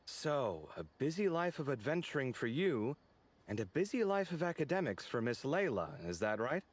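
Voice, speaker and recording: A dramatic, lively young architect. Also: male voice, mid-range voice. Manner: expressive, indignant, quick banter. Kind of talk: game voice acting.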